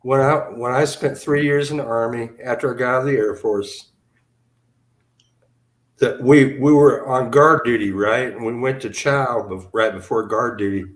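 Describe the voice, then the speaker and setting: A man's voice: medium pitch, normal speed. A drunk man who is a guest on a live audio panel, telling stories with a laughing, profane, easygoing manner. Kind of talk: casual storytelling. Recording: roomy echo.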